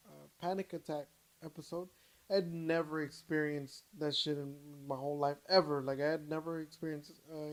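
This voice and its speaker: A young adult man co-hosting a podcast, telling a story in casual chat, swearing freely and stumbling over his words. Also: fairly high pitch. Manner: animated, swears freely, many restarts and fillers. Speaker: podcast co-host.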